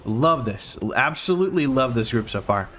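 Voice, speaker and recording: A man's voice: medium pitch, lively intonation, moderate pace, fairly bright tone, a little hiss or hum. A man streaming a game, giving running play-by-play with wry asides to his chat. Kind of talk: live gameplay commentary.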